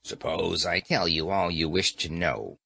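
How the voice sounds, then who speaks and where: A sly, defiant old witch growls out her answers low and reluctant, as a man puts her on. The voice drops well below an ordinary speaking pitch and drags out each word. This is storybook reading, with the witch sulking under questioning. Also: measured pace, creaky, bright, forceful tone, no echo, full character voice. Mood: sullen. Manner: sullen, grudging.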